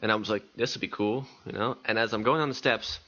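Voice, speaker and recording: Male podcast co-host, bright storyteller, loose and profane, on a dull lo-fi mic. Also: on the low side, fast. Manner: animated anecdote-teller, laughs often, swears casually. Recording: dull lo-fi sound.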